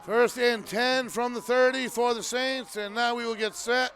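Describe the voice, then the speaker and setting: A man calling a high school football game live as play-by-play announcer, often shouting with excitement over the plays. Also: normal speed. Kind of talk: live sports commentary.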